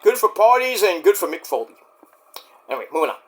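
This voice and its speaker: Man, wrestling reviewer, casual chat, rambling, profane, animated pitch. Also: fast talker.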